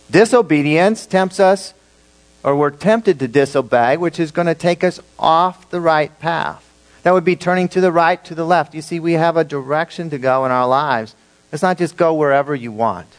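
A male pastor preaches an emphatic sermon to his congregation, swinging between loud declarations and hushed, slow emphasis. His voice is a little high, and the audio is poor.

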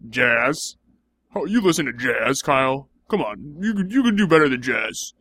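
A man's voice: medium pitch, sing-song, moderate pace, pushed and bright, breathy edge, no echo. A young man in improvised comedy banter, teasing and playfully mocking.

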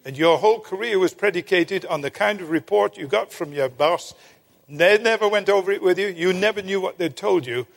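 Older male preacher, slightly raised pitch, husky, earnest storyteller; long hall reverb. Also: brisk. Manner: earnest, drops to a hushed tone for dramatic moments. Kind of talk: sermon storytelling.

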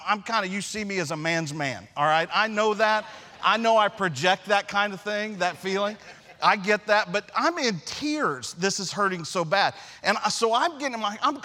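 Animated high-voiced preacher man. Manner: animated, self-deprecating humor. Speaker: pastor. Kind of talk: storytelling sermon.

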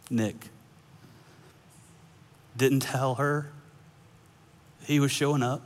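A man preaching a sermon as pastor, telling a story with animated acted-out dialogue and laughter. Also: medium pitch. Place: church sanctuary. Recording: long hall reverb.

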